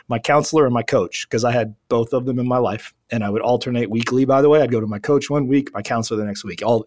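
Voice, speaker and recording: A man in his forties speaking earnestly in relaxed podcast conversation. His voice sits at an ordinary pitch and is recorded close and dry with no room sound. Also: dry recording. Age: 40s. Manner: earnest, heartfelt, says "man" and "dude" often. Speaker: podcast guest, business owner. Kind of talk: casual conversation.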